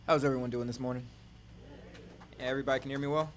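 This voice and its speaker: A man's voice: medium pitch, steady tone, quick pace, a little hiss or hum. A man poet chatting casually from the stage between poems at a church service, laid-back, with lots of fillers and "y'all".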